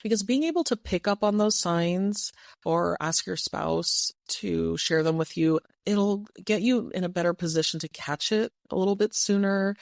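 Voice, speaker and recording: A podcast host giving gentle, reflective relationship advice in a monologue, now and then playful. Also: medium pitch, vocal fry, no room sound, studio quality. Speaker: podcast host and couples coach.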